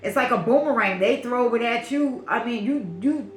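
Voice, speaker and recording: A woman's voice: fairly high pitch, normal speed, echoey room. A woman from Brooklyn with a Brooklyn accent, giving a channeled spiritual reading in a repetitive, affirming, emphatic way. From Brooklyn, New York. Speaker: spiritual reader.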